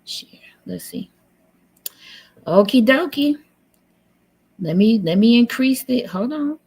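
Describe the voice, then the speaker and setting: A woman's voice: fairly high pitch, lively intonation, slow, vocal fry, a little mellow, slightly rough. Sassy woman hosting a live stream. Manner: sassy, blunt, teasing. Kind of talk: casual live-stream commentary. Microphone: computer mic on a live stream.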